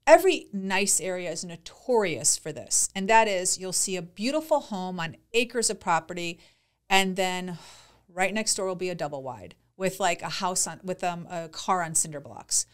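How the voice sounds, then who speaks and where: A woman with a lowish, smooth voice co-hosts a podcast, speaking with animation at a moderate pace. In casual chat she retells conversations as stories, using plenty of "like" and quoted dialogue.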